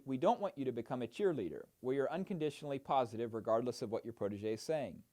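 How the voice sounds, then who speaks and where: Male trainer, animated pitch, explanatory lesson delivery with frequent fillers. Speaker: mentor trainer. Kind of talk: instructional narration.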